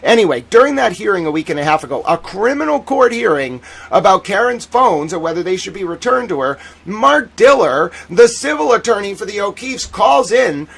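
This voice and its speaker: A man hosting a casual legal commentary stream, animated and sarcastic, who mocks people in whiny put-on voices. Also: high voice, normal speed, gravelly, few pauses, breathy edge. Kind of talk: casual chat.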